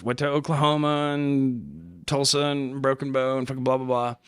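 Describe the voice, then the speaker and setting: A man's voice: mid-range voice, moderate pace, clear, resonant tone, no room sound, clean studio sound. A man co-hosting a podcast, telling candid stories in a laid-back way, with swearing and jokes. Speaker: podcast co-host. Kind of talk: casual chat. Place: recording studio.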